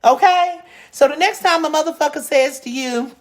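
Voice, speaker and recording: A woman telling a comedic storytime rant outdoors in a suburban neighborhood, brash and profane, swinging from loud outbursts to low mutters. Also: brisk. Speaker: vlogger.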